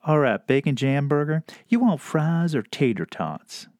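A man voicing a gentle male server with a slow, soothing Southern US drawl. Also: fairly high pitch, lively intonation, no echo. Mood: friendly.

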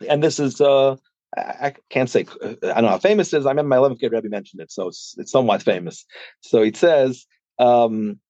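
A man explains a scholarly subject in a casual, halting way, full of restarts and fillers. His voice sits at an ordinary pitch and sounds dry and close. The sound is slightly dull and muffled. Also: warm tone, dry recording. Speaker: podcast guest discussing a published book.

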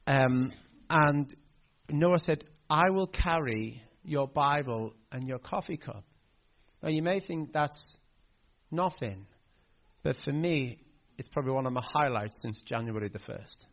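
Gravelly-voiced male pastor preaching. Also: medium pitch, unhurried, fairly bright tone, muffled recording. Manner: storytelling, heartfelt, with hesitant fillers. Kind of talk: sermon.

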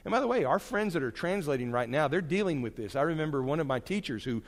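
A Bible teacher gives conversational church teaching in a chatty, animated, fast way. His pitch swings widely as he wanders into asides and restarts sentences, and his voice rings with the long reverb of a big hall.

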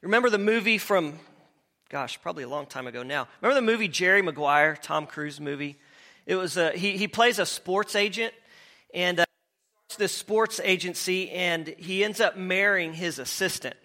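A man's voice: sits high, moderate pace, sharp tone. A man preaching a sermon in a conversational way, repeating words as he goes and asking the congregation questions. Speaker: pastor.

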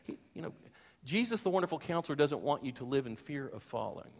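A man's voice: medium pitch, very animated, fast, gravelly. A male pastor preaching a sermon, telling stories earnestly and repeating phrases for emphasis. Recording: long hall reverb.

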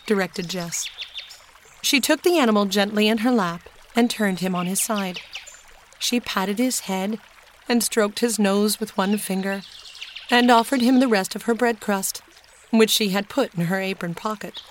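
A woman narrates a children's story in a steady, gentle reading voice. Her pitch sits in the middle, with a faint hiss in the background. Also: normal speed. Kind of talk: storybook read-aloud.

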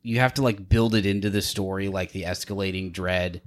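A man's voice: low voice, steady tone, fairly quick. A man co-hosting a casual movie podcast. He talks analytically about film structure, often trailing off and restarting his sentences. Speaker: podcast co-host.

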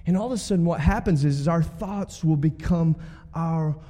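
A guest pastor preaches in a chatty, call-and-response way. He is a man with a fairly high pitch and a dark, mellow tone. His voice rings out with the long reverb of a church sanctuary. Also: moderate pace. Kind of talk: sermon.

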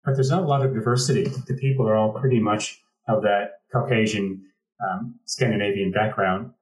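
A man's voice: lowish voice, steady tone, moderate pace, echoey room, distant mic, poor audio. American man telling a story from afar. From Pacific Northwest, United States. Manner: reflective, with frequent restarts. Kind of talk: conversational storytelling.

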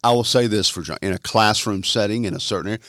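A man with a fairly low voice talks history with friends in a relaxed, wry, joking way. His pitch leaps up whenever he gets into a point. The sound is close and dry, with no room around it. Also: fast talker, no echo. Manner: wry and jokey, with lively jumps in pitch. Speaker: guest historian and podcast co-host. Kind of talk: casual conversation.

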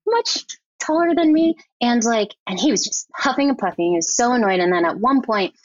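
A woman editor telling a lively, chatty story as a podcast guest, peppering her talk with "like". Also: a little high, brisk. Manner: animated, chatty, heavy use of "like". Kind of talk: casual storytelling interview. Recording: dry, slightly dull podcast audio.

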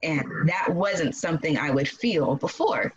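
A woman casually telling a personal story in an animated way, acting out quoted voices and laughing often. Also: sits low, a little slow, husky, muffled recording. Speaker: guest telling her birth story.

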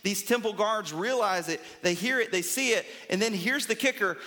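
A male pastor delivers a sermon in a high, bright voice. He preaches emphatically, building rhythm through repeated phrases and checking in with the congregation as he goes. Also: normal speed.

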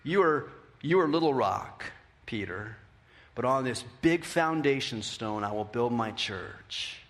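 A man preaching a sermon as pastor, animated, acting out the quotes in a raised voice. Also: mid-range voice, measured pace. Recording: hall with long reverb.

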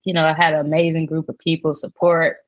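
A woman's voice: deep voice, little pitch movement, quick pace, no room sound. Candid woman guest on dull audio. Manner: candid, hesitant, lots of fillers. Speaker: author and guest. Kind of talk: casual interview conversation.

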